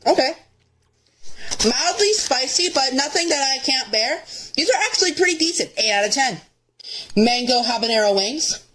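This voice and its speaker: Upbeat food-review vlogger voice. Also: female voice, sits high, animated, moderate pace. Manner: upbeat, rating items out of ten. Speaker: food reviewer in a played clip. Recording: noisy clip with background ambience.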